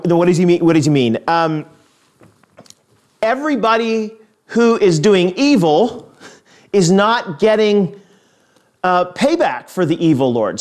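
A man's voice: a little high, a little mellow. A middle-aged man preaching a sermon in a conversational, storytelling way, with frequent restarts. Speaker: pastor.

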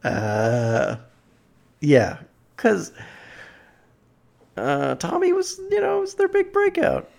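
A young man co-hosting a casual podcast chat, excitable and quick to laugh. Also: vocal fry. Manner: excitable, laughs often, pitch jumps when animated. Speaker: podcast co-host.

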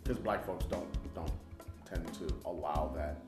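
A woman's voice: rumbling low, unhurried. A woman co-hosting a podcast in casual chat, blunt and argumentative, and she lectures. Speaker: podcast co-host. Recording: echoey room with music behind.

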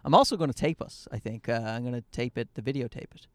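A man's voice: mid-range voice, fast, dry recording, clean studio sound. A man in his thirties hosting a podcast in casual chat from a parked car, rambling, joking and losing his train of thought. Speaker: podcast host. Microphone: handheld mic into a portable recorder.

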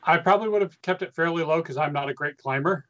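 A man's voice: on the high side, quick pace, fairly bright tone. A man player chatting at a tabletop game, making dry joking asides. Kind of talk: casual chat at a game table. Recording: dull lo-fi audio.

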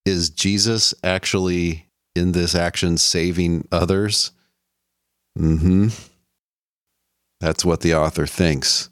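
Deep-voiced man lecturing in a dry room. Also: steady tone, takes it slowly, pauses often, no echo. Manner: conversational teaching, quoting scripture with a lifted voice. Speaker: lecturer on the Bible. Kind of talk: explanatory lecture.

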